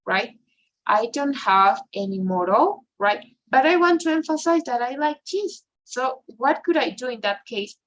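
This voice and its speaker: A woman with a fairly high, slightly bright voice teaches an English grammar class on a low-quality recording. A native Spanish speaker, she mixes in Spanish to explain things and keeps tagging her phrases with a questioning "right?"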